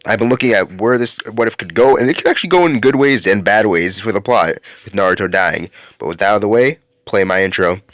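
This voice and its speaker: Low-voiced casual man narrating fan theories. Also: fast talker, few pauses, fairly bright tone, dry recording, studio quality. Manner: casual, rambling, with fillers and restarts. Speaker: YouTube host.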